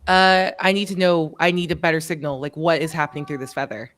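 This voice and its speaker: A woman's voice: deep voice, fairly even intonation, fairly bright tone. A woman playing a tabletop game, chatting in a playful, joking way. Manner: playful, joking, quick to laugh. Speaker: player. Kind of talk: casual tabletop game chat.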